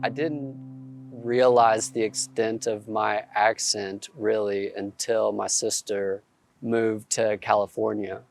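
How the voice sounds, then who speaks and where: A man's voice: fairly low pitch, little pitch movement, slow, vocal fry. A man with a heavy Arkansas accent, answering interview questions in a reflective, hesitant way. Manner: hesitant, restarts phrases. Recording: soft music underneath.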